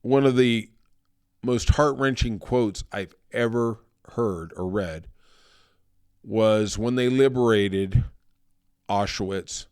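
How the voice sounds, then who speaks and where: Low-voiced man hosting a political podcast. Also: slow, pauses often, a little mellow, clear, resonant tone, no room sound, studio quality. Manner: conversational, thoughtful, turning somber. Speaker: podcast host. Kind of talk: solo political podcast commentary.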